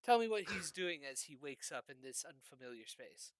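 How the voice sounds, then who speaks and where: A game master narrating a tabletop game with halting delivery and many fillers. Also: medium pitch, lively intonation, crowd noise.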